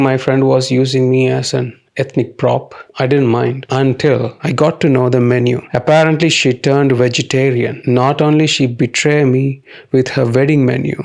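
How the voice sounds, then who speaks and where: Deadpan gravelly man narrating dark comedy. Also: mid-range voice. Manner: dry, deadpan delivery.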